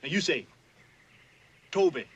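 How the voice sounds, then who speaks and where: A man's voice: fairly high pitch, expressive, a little slow, fairly bright tone, slightly rough, full character voice. An actor playing an older enslaved man who bossily drills a newcomer, in a heavy Southern dialect drawl. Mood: coaxing. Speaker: actor in a film scene.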